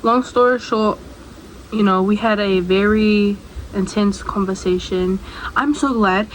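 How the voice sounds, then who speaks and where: A woman's voice: medium pitch, measured pace, rough recording. A young woman tells a personal story straight to her viewers in a loose, rambling way, often stopping to ask them something. Her voice sits in the middle range, and a faint hiss runs under the recording. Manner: chatty and rambling, with asides to the viewer. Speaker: storytime vlogger. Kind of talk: casual storytime chat.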